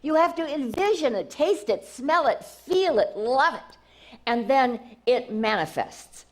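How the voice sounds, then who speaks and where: A woman's voice: high voice, lively intonation, unhurried. A woman spiritual teacher giving an enthusiastic inspirational talk, repeating herself and restarting phrases often.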